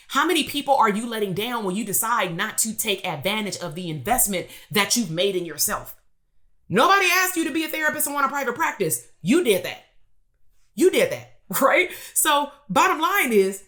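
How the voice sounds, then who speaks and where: Blunt, bright-voiced woman coach storytelling. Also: medium pitch. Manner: blunt, streetwise storytelling with rhetorical questions. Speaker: business coach and therapist. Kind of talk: live-stream motivational talk.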